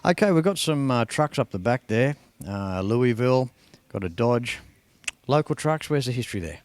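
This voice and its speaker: A man's voice: medium pitch, lively intonation, normal speed, dry recording. An Australian man hosting a car show, chatting casually and enthusiastically as he tours a collection. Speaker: host.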